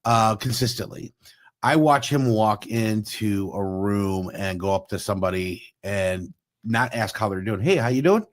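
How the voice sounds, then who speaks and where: A man co-hosting a podcast, telling lively stories in casual chat, acting out quotes and laughing often. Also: on the low side, unhurried. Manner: animated storyteller, acts out quotes, laughs often. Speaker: podcast co-host.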